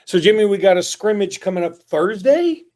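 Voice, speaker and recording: A man's voice: high voice, sing-song, normal speed, darkish tone. Joking sports podcast host, man. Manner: loose, joking, rambling with fillers. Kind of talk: casual sports talk with ad reads.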